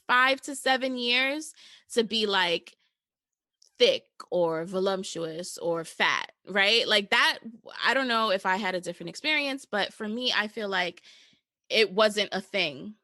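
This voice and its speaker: A woman's voice: mid-range voice, bright, forceful tone, no echo. A young woman from New hosting a podcast, chatting casually and informally. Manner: chatty, informal, says "girl" and "y'all". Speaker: podcast host.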